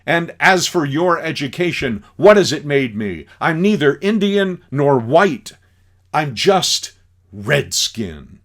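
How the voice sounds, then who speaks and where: Brief: a man playing a bitter, anguished proud man, slow, emotional. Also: fairly high pitch, very animated, fairly bright tone, pitched above the performer's own voice, heavily acted. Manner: pleading, dramatic outbursts.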